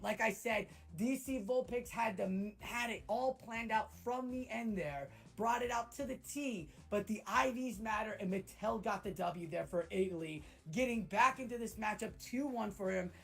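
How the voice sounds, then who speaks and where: Gravelly woman co-caster. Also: a little high. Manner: excitable, breaks into shouts at big plays. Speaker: esports co-commentator. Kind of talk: live play-by-play commentary. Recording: faint music bed.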